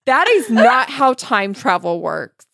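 A woman's voice: fairly high pitch, big pitch swings, slow pace, creaky, a bit bright, dry recording. A woman co-hosting a casual book discussion with dry, sarcastic comments.

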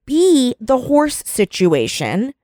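A woman co-hosting a podcast with a lively voice that swings up and down as she riffs. She swears freely and laughs often. The sound is dry and close. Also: high voice, slow, dry recording. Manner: animated, profane, laughs often. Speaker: podcast co-host. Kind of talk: casual podcast chat.

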